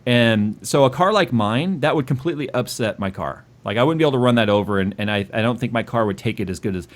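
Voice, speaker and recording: A man co-hosts a casual tech livestream, reading viewer donations aloud. His pitch moves in a lively, animated way, and he sounds exasperated and stressed while still joking around. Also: fast.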